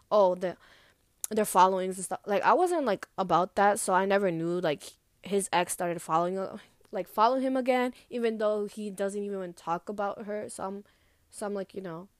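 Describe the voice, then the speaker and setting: A woman's voice: mid-range voice, dry recording, clean studio sound. Young woman telling a casual storytime. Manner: casual, lots of fillers and swearing, animated retelling. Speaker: vlogger.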